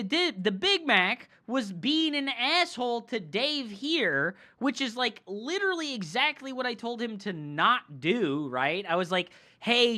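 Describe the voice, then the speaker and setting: A man's voice: high-pitched, pushed and bright. A male game streamer telling a story in a heated, profane rant, full of "like" and "right?". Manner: fillers like "like" and "right?". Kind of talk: ranting storytime chat.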